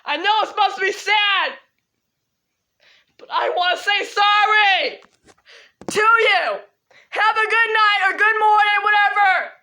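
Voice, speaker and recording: A teenage girl vlogging an emotional, tearful apology monologue to the camera, rambling and shouting at times. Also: extremely high pitch. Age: teens.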